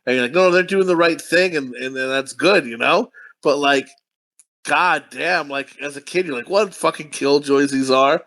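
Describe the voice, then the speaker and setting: Bright gravelly man, rambling and profane. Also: a little high, moderate pace. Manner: rambling storyteller, profane, laughs often. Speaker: podcast co-host. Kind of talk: casual movie review chat.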